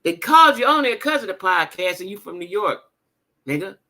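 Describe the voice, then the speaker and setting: A woman hosting a casual livestream chat, talking to her viewers in a blunt, animated and profane way, with repeated exclamations. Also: mid-range voice, a little fast. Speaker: livestream host reading viewer comments.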